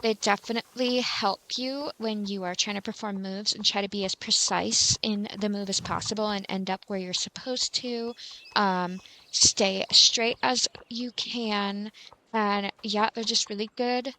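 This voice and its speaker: Bright, chatty woman with vocal fry. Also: mid-range voice, steady tone, measured pace. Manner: rambling and chatty, with filler words; self-mocking. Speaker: game tutorial host. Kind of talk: casual game tutorial with commentary.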